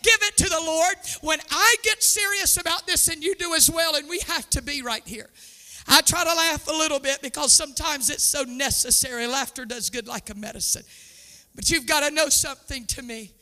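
A woman pastor preaching a sermon with a sing-song cadence, rising to bursts of shouting and laughing now and then. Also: high-pitched, a little fast, big-room sound. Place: church sanctuary.

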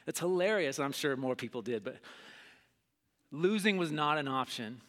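A middle-aged man preaching a sermon, telling stories and acting out scenes with big jumps in his voice. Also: normal speed. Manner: animated, acts out scenes with big pitch jumps. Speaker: pastor. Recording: long hall reverb.

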